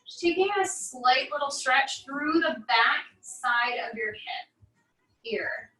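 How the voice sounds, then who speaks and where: Bright high-voiced woman coaching a stretch. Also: takes it slowly, far from the mic. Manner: calm, encouraging cues with wry asides. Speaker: fitness instructor. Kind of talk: guided barre cool-down instruction. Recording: echoey room, voice from off-mic.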